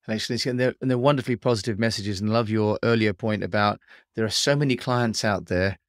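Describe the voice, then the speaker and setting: Low-voiced male podcast host. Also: steady tone, quick pace, dry recording, studio quality. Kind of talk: podcast interview hosting.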